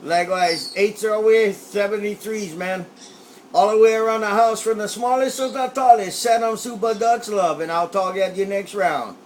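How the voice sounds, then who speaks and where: A man's voice: sits high, moderate pace. A man chatting playfully on CB radio, tossing in a quacking catchphrase. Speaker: CB radio operator. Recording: CB radio with light static.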